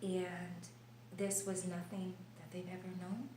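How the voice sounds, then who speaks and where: A woman vlogging about her illness in her kitchen, telling her story with animated gestures and sometimes dropping to a quiet whisper. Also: fairly low pitch, unhurried. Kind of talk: personal video diary. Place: kitchen of an old house. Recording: roomy, distant mic with faint noise.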